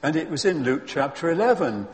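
A man preaching a sermon in a lively, emphatic way, with chuckles and friendly asides. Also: on the high side, a little fast, long reverb tail.

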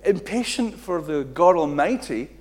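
Animated preacher man. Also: on the high side, measured pace. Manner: animated, acts out quotes with big swings in loudness. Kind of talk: sermon.

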